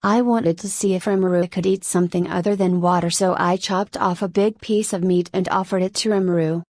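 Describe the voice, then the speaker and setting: A woman with a fairly low voice reads a light novel audiobook in first person. Her storytelling is plain and steady, recorded close and dry with no room sound. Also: brisk, no room sound. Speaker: audiobook narrator.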